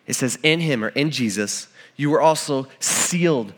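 A man's voice: mid-range voice, animated, normal speed. A man giving an informal, conversational sermon with frequent restarts and acted-out quotes of the people in the story.

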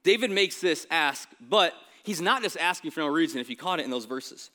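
A male pastor giving a sermon in a casual, conversational way, often checking in with the congregation with quick asides. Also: on the high side, expressive, bright, forceful tone. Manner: casual, conversational preaching with frequent "right?" asides.

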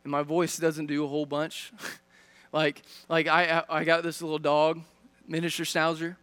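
A man's voice: fairly high pitch, completely flat delivery, normal speed, fairly bright tone, smooth. A man preaching a sermon as a pastor, speaking directly to his congregation with searching questions and frequent restarts. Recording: long reverb of a large hall.

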